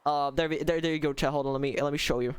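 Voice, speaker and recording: A young male streamer whose voice sits a little higher than most men's. He talks to his chat in a loose, playful way, bouncing between teasing and mock outrage and breaking into laughter often. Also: fairly even intonation, rapid-fire, smooth, no echo. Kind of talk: casual live-stream chat.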